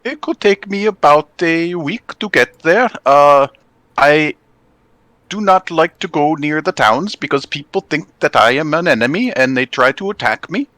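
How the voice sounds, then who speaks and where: A man voicing a huge, earnest male frost giant who speaks with a Canadian accent, in a halting, formal way with many pauses. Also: a little high, animated, bright, forceful tone, dry recording, pitched above the performer's own voice.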